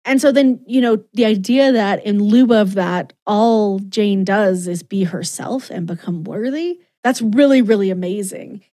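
A woman's voice: medium pitch, mellow. A woman co-hosting a podcast in casual chat, gushing and emotional, acting out quotes as she goes. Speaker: podcast co-host.

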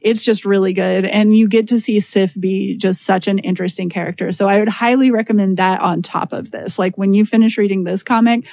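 A woman's voice: medium pitch, fairly even intonation, brisk, vocal fry, hardly any pauses, warm tone, no room sound. Woman, podcast host, casual chat, enthusiastic, dry sound. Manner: enthusiastic, recommending, chatty.

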